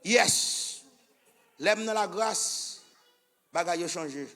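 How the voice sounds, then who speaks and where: A man with a Haitian accent preaching a fervent sermon as pastor, shouting in bursts and chanting repeated prayer phrases. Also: high voice, takes it slowly. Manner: switches between English, French and Creole, chants repeated phrases.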